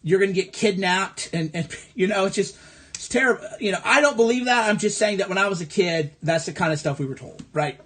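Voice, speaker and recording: A man from the American Midwest delivers an angry, profane livestream rant into his phone. His voice sits high for a man, and he hammers his points through sarcastic repetition. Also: brisk, fairly bright tone. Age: adult. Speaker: livestream host. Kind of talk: ranting political livestream monologue.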